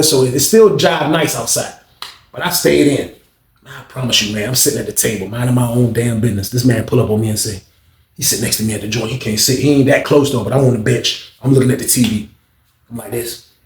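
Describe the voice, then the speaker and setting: A man's voice: mid-range voice, roomy sound. A man telling a story in a loose, casual way, full of slang, with "man" and "bro" at the end of his lines. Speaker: storyteller recounting prison life.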